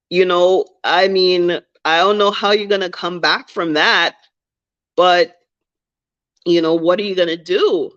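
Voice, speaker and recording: A woman's voice: fairly low pitch, steady tone, a little slow, fairly bright tone. A woman telling a personal story to camera in a candid, reflective way, repeating phrases for emphasis. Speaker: vlogger. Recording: dull lo-fi recording.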